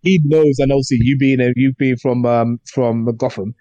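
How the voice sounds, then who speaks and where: A man's voice: medium pitch, moderate pace, dull audio, crowd noise. A young man, co-hosting a casual podcast chat and telling stories animatedly with many restarts. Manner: animated storyteller, lots of fillers and restarts. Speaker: podcast co-host.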